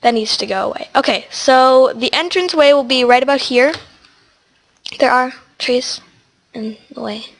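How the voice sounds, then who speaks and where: Here a teen girl runs a casual gameplay tutorial for her gaming channel, her voice high, fairly bright, and stuffy with sniffles. She moves at a moderate pace, rambling chattily and addressing the in-game animals.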